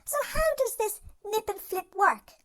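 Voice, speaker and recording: A performer voicing a gentle, caring wise dog in a cartoon, giving soothing self-help narration straight to the listener. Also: extremely high pitch, lively intonation, unhurried, exaggerated voice. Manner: soothing, reassuring, speaks to the listener directly.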